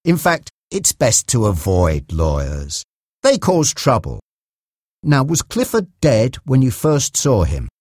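A severe, overbearing male FBI agent presses in a slow, lively voice, as an audiobook narrator puts him on. The storybook reading sounds dry and close. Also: medium pitch, slightly rough, no room sound, exaggerated voice. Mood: stern.

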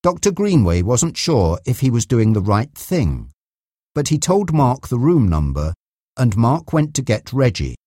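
A man narrating a chapter of an audiobook in a steady storytelling manner. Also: medium pitch, measured pace, dry recording, studio quality. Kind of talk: scripted narration.

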